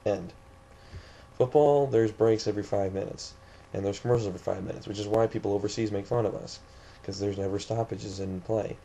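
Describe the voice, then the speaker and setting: Young guy from st louis ranting into the camera, kinda low voice, trips over his words a lot. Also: mellow. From St. Louis area, USA. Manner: indignant, rambling, with many restarts. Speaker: vlogger. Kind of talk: ranting vlog monologue.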